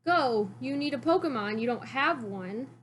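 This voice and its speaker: A woman's voice: high voice, lively intonation, normal speed, a little hiss or hum. A woman voicing a friendly, inviting adult woman professor from a cartoon.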